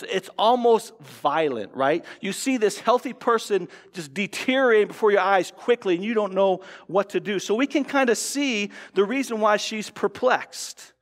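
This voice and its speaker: A man with a high voice preaches in a church, his words ringing with a long hall reverb. He talks casually to the congregation, stumbling into restarts and slipping into quoted voices. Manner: conversational preaching with frequent restarts and acted-out quotes. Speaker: pastor. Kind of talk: sermon. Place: church sanctuary.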